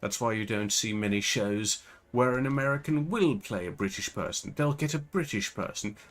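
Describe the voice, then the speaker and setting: A man's voice: on the low side, animated, normal speed. A man with a Northern Irish accent giving casual, rambling gameplay commentary as a channel host. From Northern Ireland. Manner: chatty, rambling digressions.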